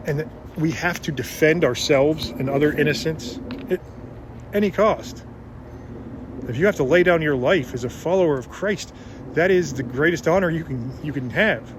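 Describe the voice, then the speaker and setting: A man's voice: on the high side, background noise. A man giving an earnest, casual religious talk, retelling Bible stories with frequent restarts. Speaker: religious speaker.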